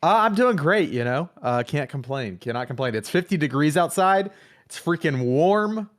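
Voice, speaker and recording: A goofy, laid-back man chatting casually on a podcast. His voice sits a bit high and moves around a lot. He jokes easily. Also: lively intonation, moderate pace. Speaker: podcast co-host.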